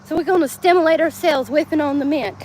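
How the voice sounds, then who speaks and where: A woman's voice: high-pitched, fast, a little mellow, slight background noise. A middle-aged woman, chatting rambly and laughing often as she films herself around her home and yard. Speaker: vlogger. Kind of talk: casual livestream chat. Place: home and yard, outdoors at times.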